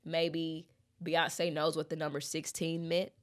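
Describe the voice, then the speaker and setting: A young woman, chatting expressively in a casual lyric breakdown and reading lyrics aloud slowly. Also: sits low, monotone. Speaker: music reaction host.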